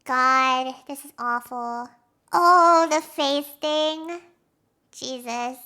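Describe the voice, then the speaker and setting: A young woman streams live with her audience in a casual, chatty way, giggling often and reacting strongly. Her voice sits high and bright. She speaks slowly and lets her words drawl out. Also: clear, resonant tone. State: has a headache.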